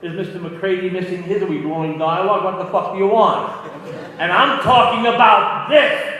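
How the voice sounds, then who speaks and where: A man acts out an aging male film star losing his temper, yelling and swearing at his director. The voice climbs and booms, and it comes from far off in a big echoing hall with a long reverb tail. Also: steady tone, moderate pace. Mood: shouting. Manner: shouting, exasperated.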